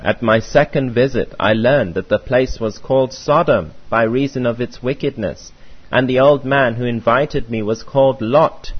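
A man reading a first-person memoir aloud in a measured, earnest way, on a muffled lo-fi recording. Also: medium pitch, slightly rough. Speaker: audiobook reader.

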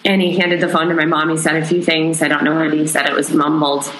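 A young adult woman, an interview guest, recounting a personal story in an emotional, halting way with many pauses. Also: low-pitched, flat delivery, a bit bright, a little hiss or hum. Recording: roomy echo.

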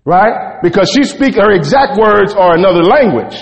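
A man's voice: high-pitched, expressive, normal speed, gravelly, in a large hall, lo-fi sound. A man preaching a sermon in a conversational way, often asking the congregation "right?".

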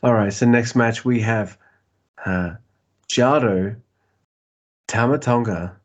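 A man co-hosting a casual wrestling podcast, excitable and a bit tipsy, who swears freely and laughs often. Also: mid-range voice, slow pace. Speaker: podcast co-host.

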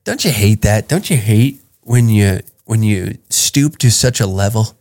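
A man's voice: fairly low pitch, measured pace, a little mellow. A male podcast host ranting comedically in a crude, profane, self-mocking way. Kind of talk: comedic rant.

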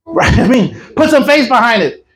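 A man preaching a sermon as an evangelist at a church service, telling stories in a lively, joking way. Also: very high voice, moderate pace, slight background noise, rough recording. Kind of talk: sermon with storytelling.

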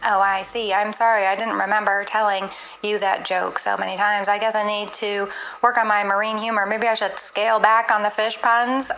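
A woman's voice playing an earnest, literal chatbot assistant in a comedy skit, polite and quick to apologize. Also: mid-range voice, flat delivery, a bit bright, a little hiss or hum, natural voice, poor audio.

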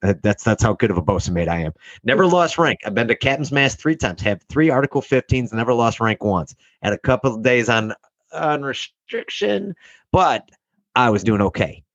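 A man's voice: fairly low pitch, a little fast, no room sound, dull audio. A young man telling a rambling, profane story in casual chat, acting out the people he quotes.

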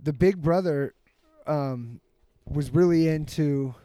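A man's voice: fairly high pitch, takes it slowly, dark tone, dry recording. A young man in casual chat who tells a profane party story, laughing often and acting out the quotes.

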